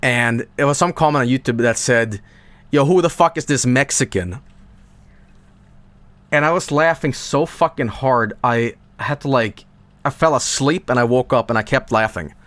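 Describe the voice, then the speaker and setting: A man's voice: mid-range voice, normal speed, fairly bright tone, dry recording. A man with a thick Swedish accent rambling casually to his stream chat, profane and full of asides.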